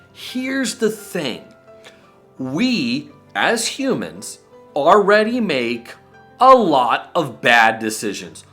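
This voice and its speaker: Animated man hosting a faith talk. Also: a little high. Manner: animated, joking, self-mocking. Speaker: host. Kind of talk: casual faith talk to camera.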